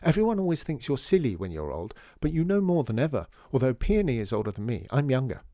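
A man's voice: medium pitch, very animated, quick pace, warm tone, no room sound, clean studio sound, pitched above the performer's own voice, lightly acted. A man reading a storybook voices a chatty, prim elderly lady in a lilting tone. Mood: proud.

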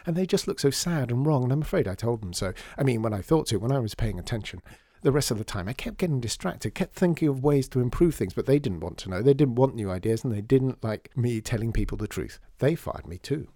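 A man's voice: mid-range voice, animated, quick pace, mellow, dry recording, studio quality. A man voicing a chatty, scatterbrained young woman who studies fashion, rambling and gushing in a storybook reading.

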